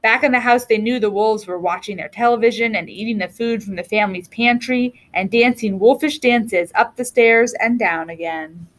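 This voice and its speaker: A woman reading a children's storybook aloud with an expressive, lilting delivery. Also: a little high, moderate pace, few pauses. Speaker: reader.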